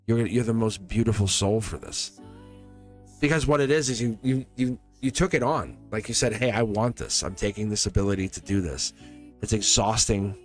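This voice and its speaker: A man's voice: fairly low pitch, normal speed, soft background music. A man giving live-stream tarot readings to viewers in a rambling, earnest way, often restarting his sentences and getting emotional.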